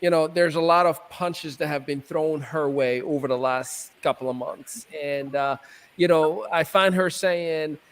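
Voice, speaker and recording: A man's voice: a little high, measured pace. Stammering chatty male panel host. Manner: stammering, chatty, laughs easily. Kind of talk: casual panel talk.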